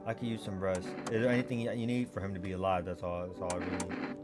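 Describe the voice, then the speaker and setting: A young man giving excitable let's play commentary, swinging between yelling and mumbling. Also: sits low, fast talker, loud music behind the voice. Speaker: gaming YouTuber.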